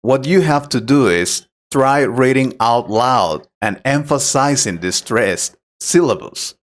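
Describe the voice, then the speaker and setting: A man acting as an English teacher who explains pronunciation tips patiently and clearly in a scripted conversation lesson. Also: mid-range voice, animated, takes it slowly.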